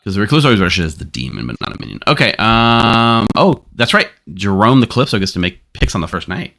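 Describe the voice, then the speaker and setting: A man hosting a streamed game, quickly explaining its rules to players. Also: fairly low pitch, very animated, creaky, pushed and bright. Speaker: game storyteller and stream host. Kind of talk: running a social deduction game on stream.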